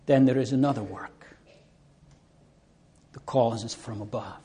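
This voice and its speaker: Slow, earnest male preacher. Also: mid-range voice, mellow. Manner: slow, earnest preaching with drawn-out pleading cries. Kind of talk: sermon.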